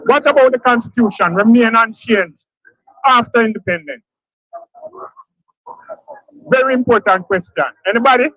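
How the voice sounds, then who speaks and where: A man's voice: extremely high pitch, normal speed, long pauses, dry recording, muffled recording. A man with a Jamaican accent giving a speech at an outdoor protest, repeating phrases and quizzing the crowd. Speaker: protest speaker. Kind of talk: rally speech.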